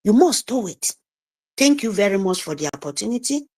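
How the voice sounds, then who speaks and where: A woman urges her listeners in slow, emphatic, repetitive phrases. She sounds preachy and insistent, pressing each point again and again. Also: mid-range voice, very animated, darkish tone, husky. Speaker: speaker at an online political meeting. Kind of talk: impassioned exhortation.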